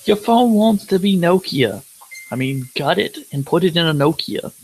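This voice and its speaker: A man with a gravelly, creaky voice trades jabs during a tabletop role-playing session. His delivery is sardonic and teasing. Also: fairly high pitch, lively intonation, normal speed, a little hiss or hum, rough recording. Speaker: tabletop game player. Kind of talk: in-character role-play chat.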